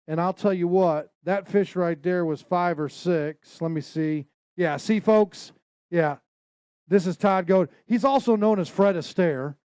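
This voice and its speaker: A man's voice: sits high, a little mellow, smooth, no room sound, clean studio sound. A man emceeing a fishing tournament weigh-in, announcing weights and joking energetically with anglers and the crowd. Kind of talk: live event announcing.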